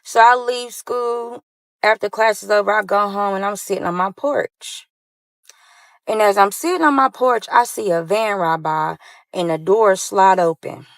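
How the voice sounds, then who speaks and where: A woman's voice: medium pitch, a little slow, no echo. A young woman recounting her own story time, talking animatedly and addressing listeners as y'all.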